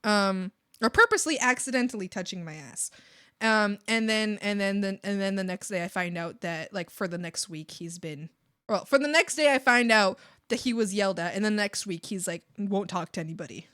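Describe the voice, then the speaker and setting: A young adult woman streamer venting a story to her chat in a casual, animated, profane way. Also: mid-range voice, moderate pace. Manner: animated, profane, mocking whiny voices. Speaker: art streamer.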